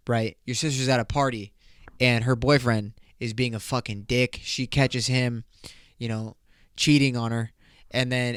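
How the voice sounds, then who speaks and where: A man's voice: medium pitch, clear, resonant tone, no room sound, clean studio sound. A man hosting a podcast in loose, profane, joking casual chat. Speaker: podcast host.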